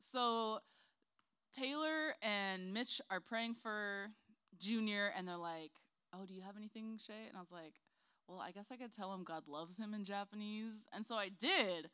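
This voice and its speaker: A woman's voice: mid-range voice, measured pace, bright, forceful tone, smooth. A woman sharing a casual testimony with her group, chatty and giggly, full of "like" fillers.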